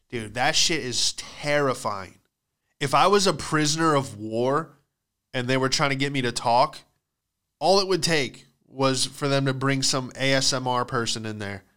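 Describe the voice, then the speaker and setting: A young podcast host delivers a profane, rambling comedic monologue, acting out the voices of the people in his stories. His voice is medium-pitched, smooth and sharp in tone.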